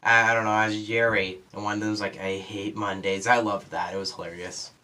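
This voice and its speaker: A teenage boy giving a casual spoiler review of a movie, rambling with lots of fillers and quick asides. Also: on the low side, steady tone, sharp tone. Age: teens.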